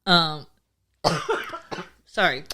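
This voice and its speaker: A woman co-hosts a relaxed podcast chat, laughing a lot and stumbling through her sentences with fillers. Her voice sits a little low for a woman and sounds bright. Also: extremely slow, a little hiss or hum. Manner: laughs often, fillers and self-corrections. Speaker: podcast co-host. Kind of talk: casual chat.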